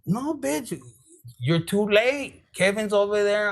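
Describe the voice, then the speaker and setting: A man's voice: high voice, expressive, slow pace, gravelly. A man giving a casual tarot reading as the channel's reader, sassy, profane and rambling.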